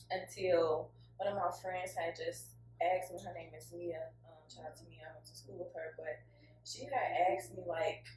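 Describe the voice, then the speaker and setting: A woman co-hosting a podcast, telling her own story in a candid, emotional, informal way with lots of fillers. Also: lowish voice. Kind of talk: casual heartfelt podcast chat. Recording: echoey room, mic at a distance, faint hum.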